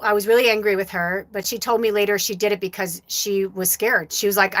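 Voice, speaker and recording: A woman's voice: medium pitch, level tone, a little fast, hardly any pauses. A woman psychic medium giving a live channeled reading and telling a personal story in a rambling, casual way, with lots of fillers and some swearing.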